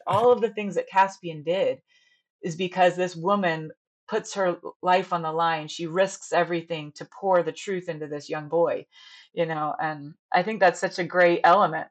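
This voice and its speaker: A woman's voice: on the low side, steady tone, moderate pace. A woman in her thirties, a stage director and actress, talking in a chatty, earnest way during a casual podcast interview.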